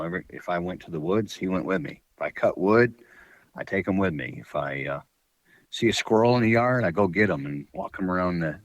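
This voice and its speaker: A man's voice: sits low, fairly bright tone, dry recording, low-quality recording. A man guest on a podcast, telling hunting-dog stories in a rambling, folksy way with lots of fillers. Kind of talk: casual storytelling.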